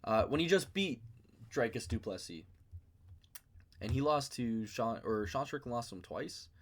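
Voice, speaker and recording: A man's voice: mid-range voice, animated, normal speed. A man hosting a casual fight commentary vlog from his basement, rambling and self-mocking. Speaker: MMA video host.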